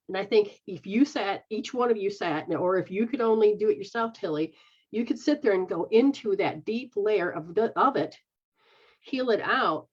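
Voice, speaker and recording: A woman's voice: mid-range voice, moderate pace, highs cut off. A woman who is a psychic medium, giving rambling live readings in a frank manner, sometimes swearing and acting out the voices she quotes.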